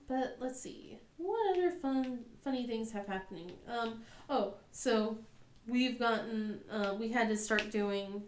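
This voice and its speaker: Brief: rambling thirties woman, slightly high voice, casual chat, roomy echo. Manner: rambling, lots of fillers, laughs often. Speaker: crafting vlogger. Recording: echoey room.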